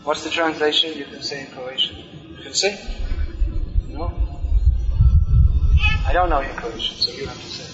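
A man giving a scripture class, reading aloud, explaining and chanting verses slowly. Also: fairly high pitch. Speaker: lecturer on scripture. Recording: dull lo-fi sound, long hall reverb, music behind.

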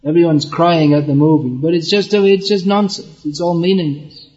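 A man's voice: fairly high pitch, steady tone, moderate pace, darkish tone. Earnest man preaching, dull lo-fi recording. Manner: earnest, repeats words while explaining; chants verses in Bengali. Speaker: spiritual teacher. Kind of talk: devotional lecture.

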